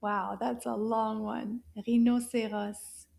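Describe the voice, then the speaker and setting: A woman teaching young children words in a slow, gentle way. She often drops into soft whispers and gasps with surprise. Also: on the high side, little pitch movement, gravelly. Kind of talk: slow kids' lesson, words repeated.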